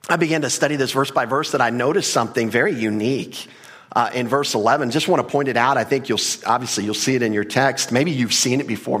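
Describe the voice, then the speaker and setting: A man's voice: medium pitch, a bit bright, breathy edge. A man preaching a conversational, earnest verse-by-verse sermon, often restarting his sentences. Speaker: pastor. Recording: long hall reverb.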